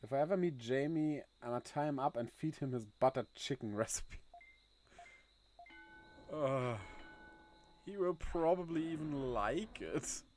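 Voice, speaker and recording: A man's voice: medium pitch, expressive, unhurried, long pauses, a little mellow. A man chatting casually on a game livestream, laughing often and reading chat aloud. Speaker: game streamer.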